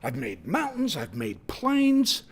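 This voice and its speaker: A man's voice: a little high, huge pitch swings, slow pace, slightly rough, voice pushed down, exaggerated voice. A man voicing God as a generous, cheerful creator who talks in a folksy way and offers friendly advice. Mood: proud, cheerful.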